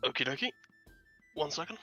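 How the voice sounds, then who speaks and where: Casting: male player, bright voice, slightly muffled recording with faint music. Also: fairly high pitch, expressive, a little fast. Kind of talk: casual tabletop play.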